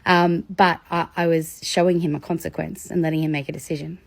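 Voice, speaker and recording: A woman giving a casual educational talk about children, lively and storytelling, acting out examples. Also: a little fast, vocal fry, no room sound. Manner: animated, acts out examples with big pitch jumps and laughs. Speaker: educator on demand avoidance in children.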